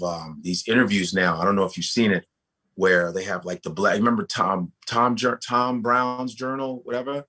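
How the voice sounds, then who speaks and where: A comedian talking casually as a guest, animated and profane, often restarting his sentences. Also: lowish voice, slightly rough. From United States. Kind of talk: casual podcast conversation.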